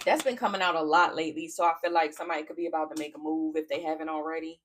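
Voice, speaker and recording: A woman's voice: sits low, fairly even intonation, racing, a little hiss or hum. A woman giving a casual tarot reading to camera, blunt and profane, often cracking up laughing. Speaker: tarot reader.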